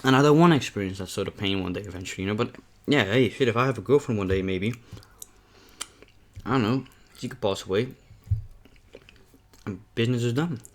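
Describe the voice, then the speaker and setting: A man's voice: on the low side, fairly quick, long pauses. A young man vlogging a mukbang, talking casually and candidly between bites, rambling and often saying "man". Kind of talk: casual talk to camera while eating.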